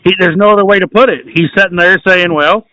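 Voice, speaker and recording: A man's voice: high voice, steady tone, fast talker, bright, forceful tone, dry recording, low-quality recording. A man co-hosting a podcast in casual chat, telling sweary jokey bits and laughing often.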